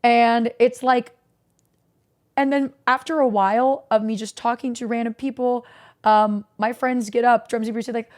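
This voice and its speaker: A woman's voice: fairly high pitch, fairly even intonation, normal speed. A young adult woman streamer telling a story to her chat in a rambling, candid way, with lots of "like" fillers and casual swearing.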